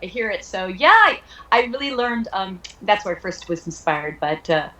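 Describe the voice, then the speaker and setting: A woman's voice: medium pitch, animated, normal speed, pushed and bright. Bubbly woman guest in an echoey room. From Long Island, New York. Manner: bubbly, laughs often, playful. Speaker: guest actress. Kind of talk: casual interview chat.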